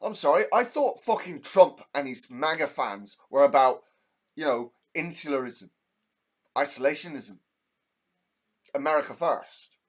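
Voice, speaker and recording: A man's voice: on the high side, animated, a little slow, long pauses. An English man hosting a heated, profane ranting monologue. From England. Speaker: host.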